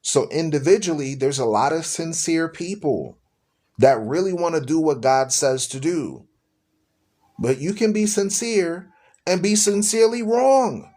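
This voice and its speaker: A man's voice: a little high, measured pace, darkish tone. A man hosting a live-streamed religious talk show, speaking to his listeners in a preachy, repetitive way. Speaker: radio show host.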